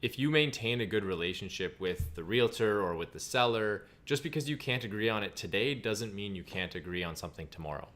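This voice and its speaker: A man's voice: fairly low pitch, lively intonation, a little fast, few pauses, fairly bright tone. A man co-hosting a casual livestream chat, plain-spoken with sarcastic asides. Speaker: co-host.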